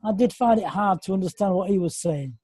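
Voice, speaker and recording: A man's voice: high voice, expressive, a little fast, mellow, no echo. An English man rambling and apologising during a casual group video call. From England. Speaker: meeting participant.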